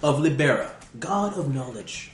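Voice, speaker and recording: A man's voice: a little high, expressive, a little slow. A man putting on a British accent to voice a haughty scholar reading a fantasy guidebook aloud. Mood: grandiose. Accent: put-on British. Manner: mock-grand, theatrical. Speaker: dungeon master. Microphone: single USB mic in the middle of the table. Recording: echoey room, one table mic.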